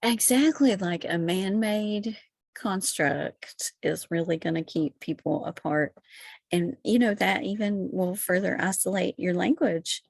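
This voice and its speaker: A woman's voice: mid-range voice, unhurried, creaky, breathy edge, no room sound. A woman from Kentucky with a Kentucky accent, a podcast guest chatting casually, full of "you know" and "like". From Kentucky, USA. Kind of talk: casual conversation.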